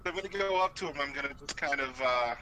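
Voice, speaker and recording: A man's voice: medium pitch, fast talker, low-quality recording. A man playing a tabletop game, thinking aloud in a casual way. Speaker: player.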